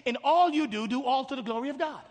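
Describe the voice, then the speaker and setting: A pastor preaching an impassioned sermon in a church, swinging from hushed asides to shouting and calling for responses from the congregation. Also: male voice, extremely high pitch, quick pace. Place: church sanctuary. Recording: reverberant hall with faint music.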